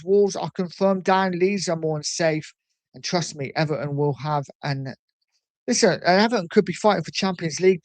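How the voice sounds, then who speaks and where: A man hosting a casual livestream, reading out viewer comments in a chatty, animated way with frequent ums. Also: a little high, no room sound. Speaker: livestream host reading chat. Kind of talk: casual live chat.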